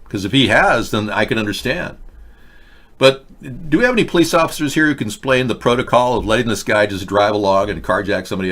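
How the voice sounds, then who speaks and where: A man hosts a live online talk show, commenting casually on whatever is on screen. His voice sits low and fairly monotone, and he rambles along, tossing wry asides to the viewers in the chat. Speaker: host.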